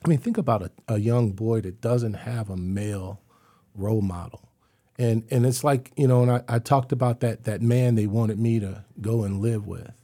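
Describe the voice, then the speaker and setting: A man's voice: on the low side, normal speed, warm tone. A middle-aged man, a guest in an interview, telling his own life story earnestly and often saying "you know.". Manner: acts out remembered voices.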